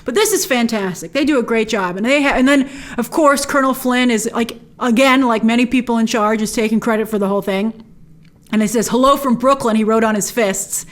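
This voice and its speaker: A woman's voice: on the high side, brisk. A woman hosting an episode breakdown, narrating scenes with enthusiasm and playful quoted lines. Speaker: host.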